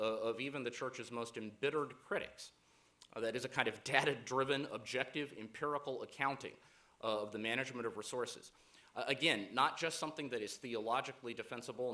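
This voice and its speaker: A man giving a keynote speech to a conference audience, measured and deliberate, with frequent "uh" fillers. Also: mid-range voice, sharp tone. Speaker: keynote speaker.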